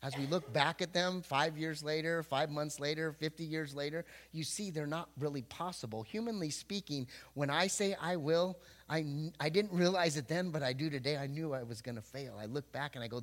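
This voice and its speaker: Joking pastor preaching with a higher voice. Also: male voice, normal speed, few pauses. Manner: jokey, animated, acts out quotes in voices. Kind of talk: humorous sermon storytelling. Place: church before a congregation.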